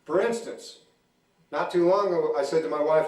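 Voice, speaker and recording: A man in his forties doing stand-up comedy at a church event, telling deadpan stories about his marriage and acting out both sides of the arguments. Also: a little high, a little fast. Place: church hall. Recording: echoey hall, mic from a distance.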